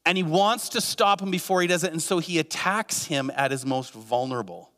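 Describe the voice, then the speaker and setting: A man's voice: on the high side, a little fast, sharp tone, long reverb tail. A man preaching a sermon as a pastor, earnest, with many rhetorical questions and repeated phrases.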